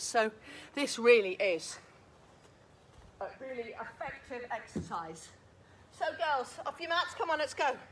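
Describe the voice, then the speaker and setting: Woman fitness instructor, bright voice, a bit breathless, counting reps out loud, outdoors with faint background hum. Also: a little high. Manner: counting reps and cueing moves, encouraging. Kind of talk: live online workout class.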